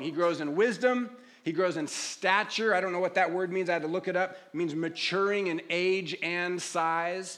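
A man's voice: high-pitched, a bit bright. A man preaching a sermon, explaining scripture in a conversational way with asides and restarts. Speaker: pastor.

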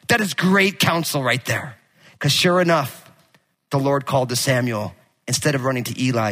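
A male pastor preaching a sermon with animated, casual storytelling and jokes. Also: mid-range voice, moderate pace, pauses often. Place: church sanctuary. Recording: long hall reverb.

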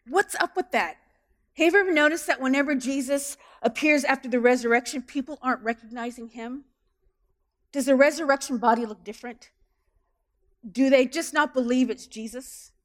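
Woman, pastor, sermon, animated, asks many questions, slightly high voice.

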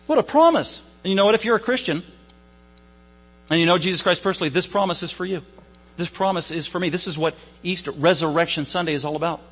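A man's voice: sits high, fairly even intonation, fast talker, a bit bright, breathy edge, long reverb tail, poor audio. A man preaching an Easter sermon as a pastor, emphatic and repeating phrases for stress.

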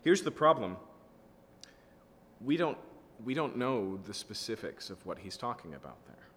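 A man's voice: on the low side, big pitch swings, measured pace, fairly bright tone, husky, long reverb tail. A man teaching through scripture as a pastor, reading verses aloud and explaining them in a conversational way, often checking in with his listeners. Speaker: pastor teaching a Bible study. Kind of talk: expository sermon with scripture reading.

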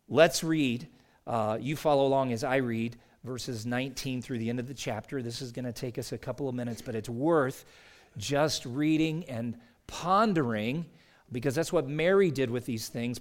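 A man preaching a sermon as pastor in a church, earnest and measured, slowing down for emphasis. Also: medium pitch. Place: church sanctuary.

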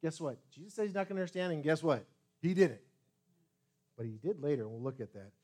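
Animated, high-voiced male pastor preaching. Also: fast talker. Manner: animated preaching with sudden loud and soft swings. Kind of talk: sermon. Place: church sanctuary.

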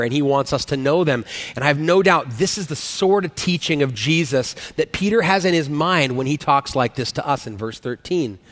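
A man's voice: a little high, fairly bright tone. A male pastor preaching a sermon in a conversational way, often restarting sentences and asking the congregation questions. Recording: long hall reverb.

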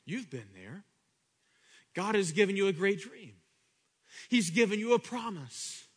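A man preaching a sermon, swinging between loud high bursts and quiet low asides, often repeating himself and acting out the voices of people in his story. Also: big pitch swings, unhurried, breathy edge.

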